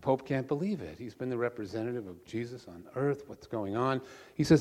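A man preaching as pastor, a relaxed conversational storyteller. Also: medium pitch, a little fast, hardly any pauses. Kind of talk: sermon with a joke. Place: church sanctuary. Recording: long church reverb.

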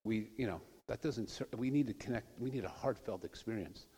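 A man giving an informal sermon, telling stories in a conversational way with soft trailing asides. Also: fairly low pitch, brisk, breathy edge, in a large hall. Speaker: preacher.

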